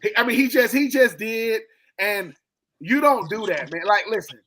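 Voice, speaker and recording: A man co-hosting a casual sports podcast, talking in an animated, joking way and acting out the people he quotes. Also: high-pitched, moderate pace, slight background noise, rough recording. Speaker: podcast co-host.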